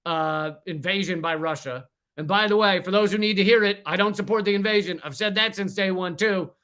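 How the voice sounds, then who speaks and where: Guy ranting on his livestream, high bright voice, cusses a lot, keeps restarting. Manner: profane, rambling, with frequent restarts and laughs. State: sweating from heat. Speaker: comedian livestream host. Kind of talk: casual ranting livestream monologue.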